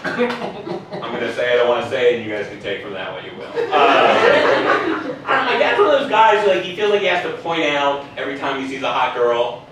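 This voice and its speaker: Play a young comedian working the room: keep it high and animated, with a roomy, distant live-club sound. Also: male voice, fairly quick. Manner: animated, punchy, drops to muttered asides. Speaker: stand-up comedian. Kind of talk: stand-up set. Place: basement of a bar, live crowd. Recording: echoey room, heard from afar, audience noise.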